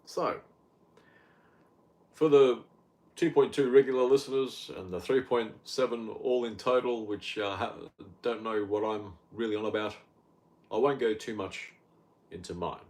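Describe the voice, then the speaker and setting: A man's voice: lowish voice, unhurried, long pauses, darkish tone. A man in his fifties with an Australian accent, hosting a casual health podcast monologue in a rambling, blunt and sardonic way.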